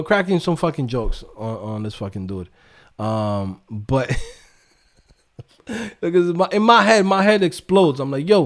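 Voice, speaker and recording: High-voiced man ranting, heavy swearing. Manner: animated, swears constantly, acts out people in quick mocking voices. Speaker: livestream host and coding instructor. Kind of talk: profane casual livestream rant.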